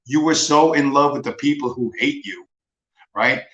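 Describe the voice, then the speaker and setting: A man's voice: medium pitch, moderate pace, a bit bright, muffled recording. Guy ranting on his stream, swears a lot, mocking tone, kinda echoey room. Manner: profane, sarcastic, mocking. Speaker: livestream host. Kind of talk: casual ranting monologue.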